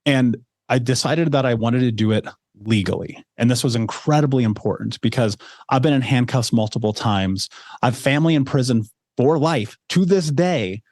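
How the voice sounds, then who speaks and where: A man in his thirties speaks candidly as a podcast guest, recounting his life story in a steady mid-range voice. His delivery is conversational, dotted with quick asides, and the sound is dry and close with no room around it. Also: mid-range voice, no echo. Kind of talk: telling a personal life story.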